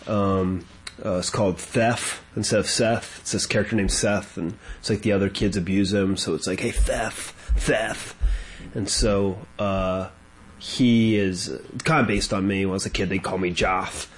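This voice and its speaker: A man's voice: low-pitched, fairly even intonation, normal speed. A man guesting on a podcast, chatting casually and hesitantly about his work. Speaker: guest, comics artist.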